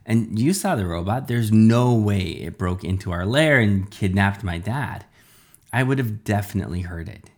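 A man's voice: on the low side, moderate pace. A man voicing a young boy who is a living slice of pizza, eager and worried, in a storybook reading.

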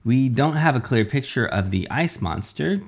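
A man's voice: medium pitch, lively intonation, normal speed, pitched above the performer's own voice. A man voicing a formal TV news anchor in a storybook reading. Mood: newsy.

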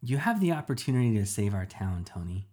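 A man's voice: fairly low pitch, very animated, brisk, dark tone. A man reading a storybook aloud, voicing a secretive young girl genius who argues insistently. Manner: pressing, argumentative.

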